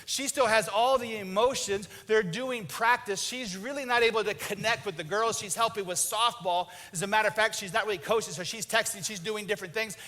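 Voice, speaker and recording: A man preaching a sermon as pastor, telling a marriage story and acting out both spouses in an animated way. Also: a little fast, few pauses. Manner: animated, acts out husband and wife in lowered voices. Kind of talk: sermon with acted-out marriage stories.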